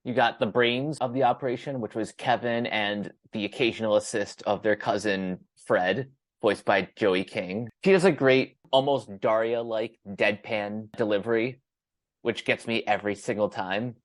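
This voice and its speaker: A man co-hosting a podcast in casual chat, explaining things in a measured way. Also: lowish voice, fairly even intonation, no echo. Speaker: podcast co-host.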